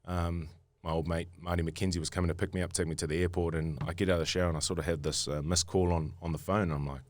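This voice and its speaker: A deep-voiced man with a New Zealand accent tells his story in a loose, rambling way, full of fillers and restarts. He is recorded on a close studio mic with a dry, dead sound. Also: level tone, fast, dry recording. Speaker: guest rugby player. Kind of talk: casual podcast storytelling.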